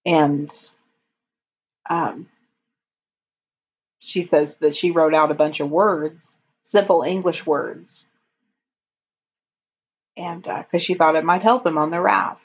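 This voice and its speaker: A woman talks through a TV episode for a podcast in a low, breathy voice. She takes her time and drops frequent ums as she retells scenes. The recording sounds muffled and lo-fi. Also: fairly even intonation, slow pace, long pauses. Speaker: podcast co-host. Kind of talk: casual episode recap. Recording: dull lo-fi audio.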